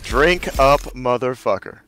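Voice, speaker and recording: A man's voice: medium pitch, lively intonation, measured pace, fairly bright tone, faint music behind. A man trading crude, mocking banter with friends during online play. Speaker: gamer on a group stream.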